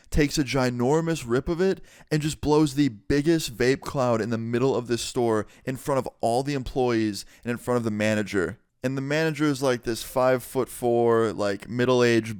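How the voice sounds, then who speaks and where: A man's voice: medium pitch, normal speed, few pauses, smooth, no echo, clean studio sound. Casual profane young man telling a story. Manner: casual, profane, animated retelling. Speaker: vlogger. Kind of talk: storytime vlog.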